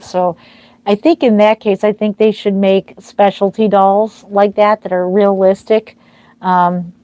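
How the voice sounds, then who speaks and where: A woman's voice: mid-range voice, a little mellow, smooth, no room sound. A woman hosting a livestream as a reborn doll artist, chatting with viewers, thanking them by name, with lots of fillers and a slightly dry throat. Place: home nursery. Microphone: wearing a microphone.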